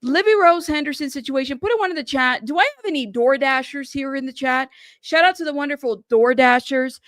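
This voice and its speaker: A woman's voice: sits high, expressive, fairly quick, a bit bright, no echo, studio quality. A woman hosting a casual live stream from home, chatty and apologetic, constantly thanking her viewers and calling them "y'all.".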